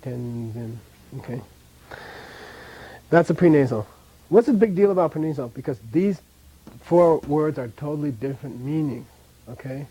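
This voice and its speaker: A man teaching a language class, drilling pronunciation by repeating sounds and checking in with the students, his voice often dropping quiet at the ends of phrases. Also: on the high side, expressive, moderate pace, pauses often, breathy edge, rough recording.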